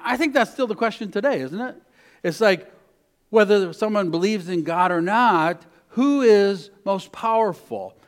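A man preaching a sermon as a pastor, mostly soft and intimate, with lively bursts. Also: high-pitched.

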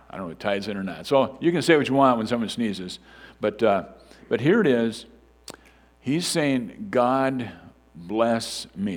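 A man preaching a sermon in a conversational way, with frequent fillers and restarts. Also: mid-range voice. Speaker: pastor.

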